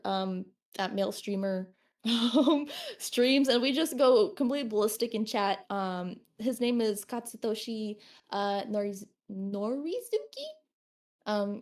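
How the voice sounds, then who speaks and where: A woman streamer chatting casually, telling stories with lots of giggles. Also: mid-range voice. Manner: giggly, animated storytelling.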